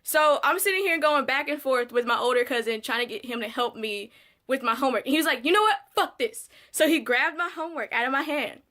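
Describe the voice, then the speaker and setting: A young woman casually telling a storytime about her childhood, candid and swearing freely, with animated re-enactments. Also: sits high, quick pace. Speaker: vlogger.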